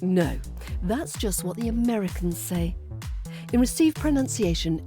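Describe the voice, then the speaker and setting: A woman with a British RP accent giving a podcast lesson on pronunciation, crisp and demonstrative with playful emphasis. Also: mid-range voice, animated, moderate pace, mellow, faint music behind. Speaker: accent coach.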